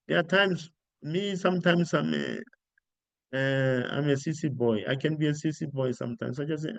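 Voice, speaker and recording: A man's voice: a little high, moderate pace, no echo. South African man coaching, close and dry. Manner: animated storyteller, acts out quoted dialogue. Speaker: career coach. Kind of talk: informal spoken coaching talk.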